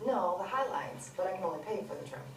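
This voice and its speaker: A woman's voice: fairly low pitch, animated, lightly acted. An actress playing an insistent salon client who wants more than she pays for. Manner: insistent, rapid. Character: stubborn female salon client wanting freebies. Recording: distant echoey playback, faint noise.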